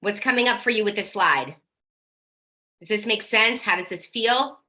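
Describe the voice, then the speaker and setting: Speaking at a normal speed in a medium-pitched voice, this woman leads a live parenting workshop with energy and directness. Casual swearing slips in, and she occasionally plays out parents' worried questions.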